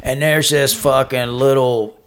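A man, co-hosting a casual podcast and telling profane, animated stories. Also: mid-range voice, a little slow. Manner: profane, animated storyteller who acts out shouted quotes. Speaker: podcast co-host. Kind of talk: casual storytelling chat.

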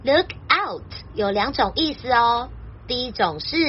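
A woman translating a children's story and explaining vocabulary in a clear, gentle teaching voice. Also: fairly high pitch, expressive, a little slow, lo-fi sound, slight background noise.

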